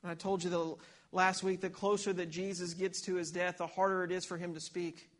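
Male pastor, sermon; high, flat-toned voice; reads Scripture, repeats words on restarts. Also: fairly quick. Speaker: preacher.

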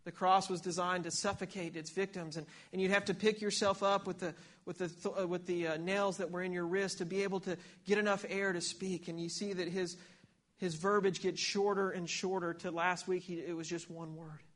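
Male pastor, sermon; high, flat-toned voice; reads Scripture, repeats words on restarts. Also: a little fast. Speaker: preacher.

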